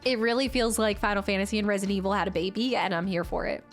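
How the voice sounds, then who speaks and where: A woman's voice: mid-range voice, fairly even intonation, rapid-fire, faint music behind. A young woman streamer chatting casually with her viewers, reading comments and laughing often. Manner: chatty, laughs often, answers chat by name. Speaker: game streamer.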